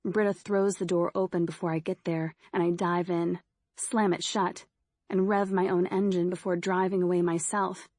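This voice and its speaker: A woman with a low voice reads first-person horror fiction in a steady, measured way. She is recorded on a close studio mic with a dry, dead sound. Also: no echo. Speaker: audiobook narrator.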